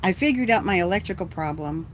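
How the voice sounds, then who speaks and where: Ailing, short-winded live streamer, lively up-and-down pitch, sighing, swears casually, noisy hiss behind. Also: quick pace. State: out of breath, feeling ill. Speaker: livestreamer chatting with viewers. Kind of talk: casual rambling live chat. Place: inside a bus living space.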